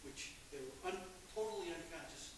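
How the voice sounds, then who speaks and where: A man in the audience speaking in a halting, earnest way. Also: fairly high pitch, animated. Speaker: audience member. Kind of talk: question from the floor. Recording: distant, echoey, hissy.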